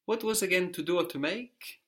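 A man's voice: sits high, a little fast. A man teaching a language lesson, patiently prompting a student and explaining grammar step by step.

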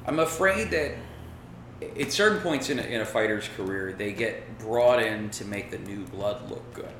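A man's voice: on the low side, lively intonation, moderate pace, fairly bright tone, echoey room, a little hiss or hum. A man in casual banter as a podcast co-host, laid-back and rambling, swearing now and then. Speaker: podcast co-host picking fights. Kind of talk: casual chat.

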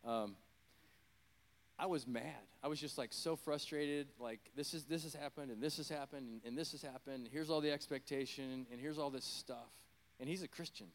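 A middle-aged man preaching in a loose, conversational way, his pitch sitting at an ordinary male middle. He drifts off track, apologizes for his own tangents and jokes at his own expense as he tells a story. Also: moderate pace, slight background noise. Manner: rambling, self-deprecating, apologetic asides. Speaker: preacher, former full-time pastor. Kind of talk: conversational sermon with personal story.

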